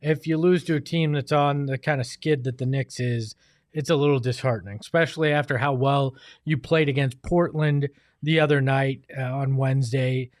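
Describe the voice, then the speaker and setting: A man's voice: mid-range voice, fairly even intonation, normal speed, no room sound, studio quality. A young man co-hosting a casual sports podcast, self-deprecating and rambling, often restarting his sentences.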